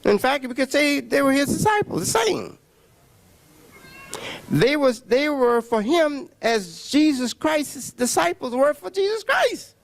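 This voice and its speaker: A man giving a preaching religious lecture, emphatic, with long pauses and repeated words. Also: very high-pitched, big pitch swings, vocal fry, dry recording. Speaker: religious speaker.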